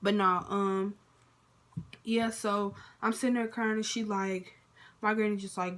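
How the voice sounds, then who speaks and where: A woman's voice: mid-range voice, flat delivery, unhurried. A young woman casually telling a personal story to camera, full of fillers like "basically" and "like" and acted-out dialogue. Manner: chatty, lots of fillers and quoted dialogue. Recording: faint background noise.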